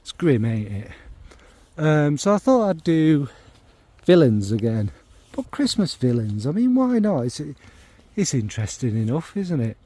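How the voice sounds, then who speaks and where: A man's voice: fairly high pitch, very animated, measured pace, dark tone, no room sound. A man chatting casually about fragrances to his viewers, rambling and tossing in lots of fillers and tag questions. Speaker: fragrance reviewer. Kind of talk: casual chat to camera.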